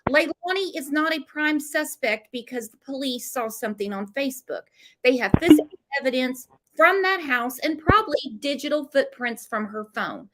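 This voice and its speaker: Blunt high-voiced woman hosting a livestream. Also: animated, normal speed, fairly bright tone, slight background noise. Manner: blunt, opinionated, reads out comments. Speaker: host. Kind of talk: livestream chat with callers.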